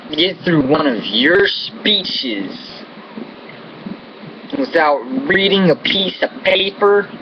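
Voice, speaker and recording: An American man delivering an angry, profane political rant to camera, full of contempt and insults. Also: high-pitched. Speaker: vlogger. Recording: dull lo-fi audio with air-conditioning hum.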